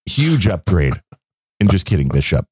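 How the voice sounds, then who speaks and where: A man's voice: deep voice, sing-song, normal speed, darkish tone, slightly rough, dry recording, studio quality. A man co-hosting a podcast, reading out listener donations in a loose, joking, rambling way. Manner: joking, rambling, laid-back. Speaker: podcast co-host. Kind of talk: casual podcast chat reading listener support.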